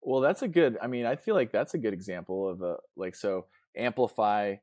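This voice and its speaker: A man's voice: fairly low pitch, brisk, darkish tone, no echo. Easygoing man host, rambling and dry-sounding. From Chicago. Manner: easygoing, rambling, searches for words. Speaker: podcast host. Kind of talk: casual interview chat.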